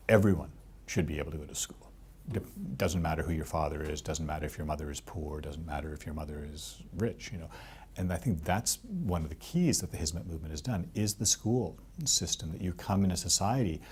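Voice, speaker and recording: A middle-aged man with a very low, deep voice answers interview questions as a professor. He talks earnestly and returns to his main points again and again. A faint hiss of noise sits under the recording. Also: darkish tone. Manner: earnest, repeats key points, many "you know" fillers. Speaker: professor of theology.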